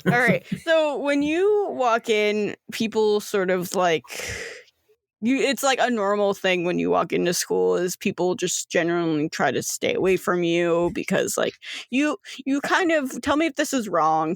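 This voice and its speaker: A woman's voice: mid-range voice, expressive, measured pace, gravelly, dry recording, studio quality. A young woman narrating a tabletop game as game master, rambling and padding her descriptions with "like" and "um". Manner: rambling, filler-heavy description with frequent "like" and "um".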